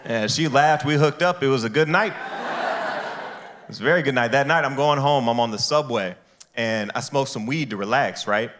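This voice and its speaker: A man performing a stand-up comedy set on a live stage, jumping into high, loud voices to act out other people. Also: normal speed, background noise.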